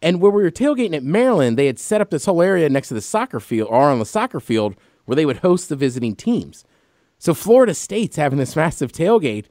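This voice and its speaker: A man's voice: a little high, sing-song, quick pace, a little mellow, dry recording, studio quality. A man in his thirties chatting casually as a podcast co-host, telling rambling stories and laughing often. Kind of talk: casual chat.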